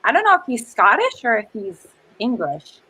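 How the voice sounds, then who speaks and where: A woman hosting a casual livestream chat over a video call, chatty and quick to laugh. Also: fairly high pitch, wildly swooping pitch, sharp tone, husky, poor audio. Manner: giggly, chatty. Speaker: livestream host.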